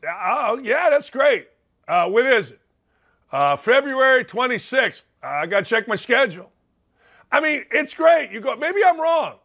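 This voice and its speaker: High, bright-voiced fired-up male host. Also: big pitch swings, a little slow, creaky. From Indiana. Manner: blunt, fired up, repeats phrases for emphasis. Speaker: sports radio host. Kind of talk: opinionated talk show monologue.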